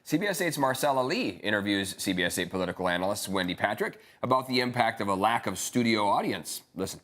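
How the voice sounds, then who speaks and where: A male morning news anchor with an American accent, reading stories in a measured, even way. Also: on the low side.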